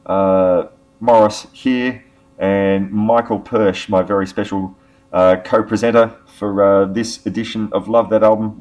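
Rambling podcast host, low voice. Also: male voice, darkish tone. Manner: rambling, many fillers and restarts. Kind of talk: casual music podcast chat.

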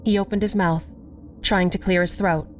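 A woman narrating a first-person horror story in a slow, measured storytelling voice. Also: mid-range voice, steady tone, soft background music.

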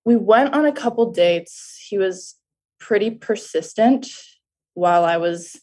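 A woman's voice: medium pitch, lively intonation, measured pace, a little mellow. A woman in her twenties calling in to a podcast, explaining her dating situation hesitantly with lots of fillers. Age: 20s. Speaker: caller. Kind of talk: casual phone-in chat.

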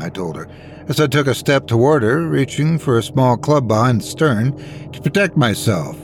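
Male horror narrator, mid-pitched, very expressive, measured delivery. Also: a little hiss or hum. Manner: measured, dramatic reading. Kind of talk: scripted horror story narration.

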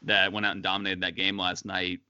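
A man's voice: low-pitched, completely flat delivery, brisk, pushed and bright, clear, resonant tone, no room sound, highs cut off. A man co-hosting a casual sports podcast, chatty, with many fillers and restarts. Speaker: podcast co-host.

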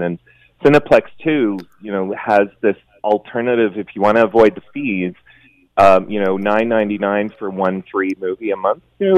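A man in a radio interview speaks in a low, easygoing voice, with plenty of casual fillers. The sound is dry and muffled, as if from a remote line. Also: no room sound. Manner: relaxed, many "you know" fillers. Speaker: sociologist guest.

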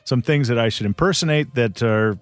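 A man's voice: mid-range voice, a little fast, no room sound. Sheepish self-mocking man on a dry mic. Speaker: podcast co-host. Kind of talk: casual chat.

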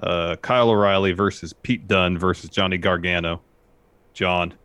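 A man's voice: deep voice, fairly even intonation, normal speed, fairly bright tone, clean tone, dry recording. A man co-hosting a podcast, walking through a wrestling recap in casual chat. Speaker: podcast co-host.

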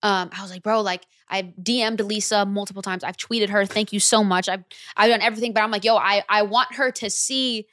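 A young woman, a recording artist, telling her story in a casual interview, slangy and animated, acting out her own reactions. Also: medium pitch, brisk, hardly any pauses, dry recording, studio quality.

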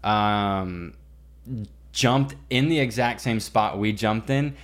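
A young man co-hosting a podcast, telling a story in casual chat, animated and full of swearing and "like". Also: fairly low pitch, takes it slowly. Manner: animated, swearing, heavy use of "like". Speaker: podcast co-host.

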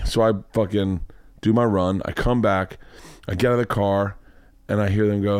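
A man hosting a podcast, telling a story in casual chat, profane and animated, acting out the people in it. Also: lowish voice, brisk, smooth, no room sound, clean studio sound. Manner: profane, animated storyteller who acts out voices. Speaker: podcast host.

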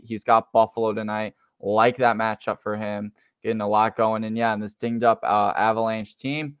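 Smooth-voiced man on a dull lo-fi mic. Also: mid-range voice, no echo. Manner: laid-back, affirming with frequent mm-hmms. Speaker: podcast co-host. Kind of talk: casual sports podcast chat. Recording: slightly dull, lo-fi dry mic.

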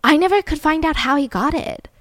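A woman's voice: high voice, fairly quick, no echo, studio quality. A young adult woman hosting a podcast, telling a true-crime story casually and animatedly, full of filler words. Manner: animated, heavy use of "like" fillers. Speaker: podcast host.

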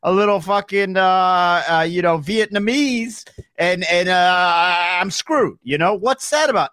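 A man's voice: high voice, unhurried, sharp tone, smooth, no room sound, clean studio sound. A man co-hosting a casual comedy podcast, rambling through his jokes with lots of restarts. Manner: rambling, full of fillers and restarts. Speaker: podcast co-host.

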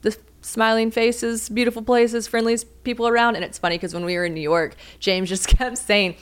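A woman's voice: a little high, fairly even intonation, a little fast, smooth. A young woman with a Southern US accent hosting a podcast, chatting in a bubbly, rambling, teasing way. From American South. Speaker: podcast host. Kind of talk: casual chat.

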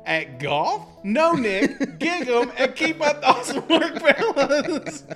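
A man's voice: extremely high pitch, animated, takes it slowly, fairly bright tone, soft background music. A man co-hosting a sports podcast, reading listener reviews aloud with jokey asides and frequent laughter. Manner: jokey, laughs often, mock-dramatic asides. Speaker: podcast co-host.

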